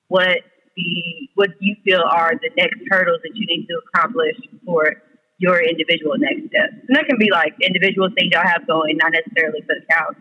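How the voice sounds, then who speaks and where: A man's voice: high-pitched, pushed and bright, breathy edge, long reverb tail, highs cut off. A man calling in as a podcast guest, talking in an easygoing, thoughtful and reflective way. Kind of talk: casual chat.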